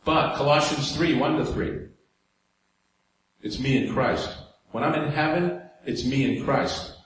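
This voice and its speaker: A man's voice: medium pitch, measured pace. Echoey preacher man with New York accent. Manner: conversational, rhetorical questions to the audience. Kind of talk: sermon. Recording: very echoey hall, faint room noise.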